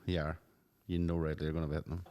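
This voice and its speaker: A Northern Irish man co-hosting a comedy podcast, teasing and chiming in with quick banter. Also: very deep voice, flat delivery, warm tone, a little hiss or hum. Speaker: podcast co-host. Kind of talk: casual comedic chat.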